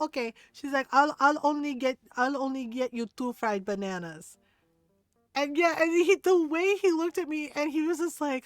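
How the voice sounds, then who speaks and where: A woman's voice: mid-range voice, dry recording. A woman streamer chatting casually while she plays a building game, rambling through stories and laughing often. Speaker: livestreamer.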